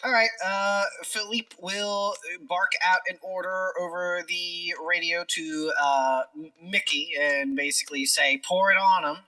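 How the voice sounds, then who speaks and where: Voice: medium pitch, steady tone, a little slow, few pauses, sharp tone, far from the mic, rough recording. A tabletop game player who thinks aloud and explains tactics at length. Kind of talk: tabletop role-play chat.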